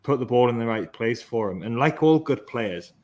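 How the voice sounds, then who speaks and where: A man hosting a football podcast, talking through the match in a measured, analytical and enthusiastic way. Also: mid-range voice, lively intonation, darkish tone. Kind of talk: casual football podcast chat.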